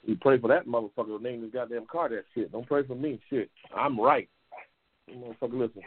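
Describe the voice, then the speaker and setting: A man hosting a call-in talk show, heated and profane, repeating himself and jumping into high outbursts. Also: quick pace. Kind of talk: loud profane call-in chat. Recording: phone-like lo-fi audio.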